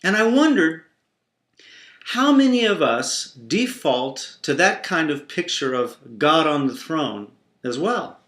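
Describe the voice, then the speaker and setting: A man's voice: fairly high pitch, slow. A man teaching a Christian devotional through a playful family story. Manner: warm, playful, expressive storyteller. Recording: roomy echo.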